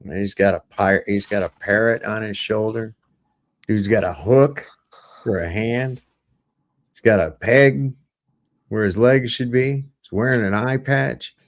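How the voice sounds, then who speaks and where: A man's voice: on the low side, a little slow, no room sound. A man hosting a casual panel chat and telling a long, rambling joke. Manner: rambling storyteller.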